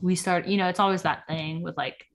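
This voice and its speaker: A woman's voice: fairly low pitch, fairly even intonation, a little fast. Chatty young woman gossiping. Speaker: podcast co-host. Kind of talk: casual chat recapping reality TV.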